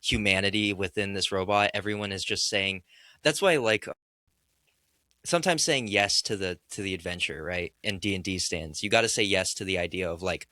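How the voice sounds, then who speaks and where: A man speaking as a guest filmmaker in a casual film discussion, excitable and rambling, with many restarts and fillers. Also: low-pitched, a little fast, no room sound, clean studio sound.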